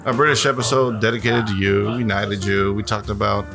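A man's voice: lowish voice, flat delivery, fairly quick, music in the background. Rambling, laughing podcast host man. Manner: rambling, stumbles over words, laughs often. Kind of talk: casual joking chat.

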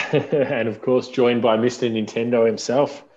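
A man hosting a podcast in casual chat, talking in a relaxed, rambling way with fillers. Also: mid-range voice, a little slow. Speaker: podcast host. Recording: dull lo-fi sound.

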